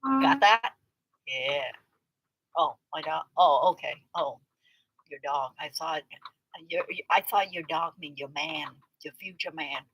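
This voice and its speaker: A woman hosts a casual livestream, teasing viewers as she reacts to their comments. Her voice sits lowish but leaps around, bright and a little husky. She laughs easily and keeps a playful, chatty rhythm. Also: animated, a little slow, no room sound, poor audio. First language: Vietnamese. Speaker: livestream host.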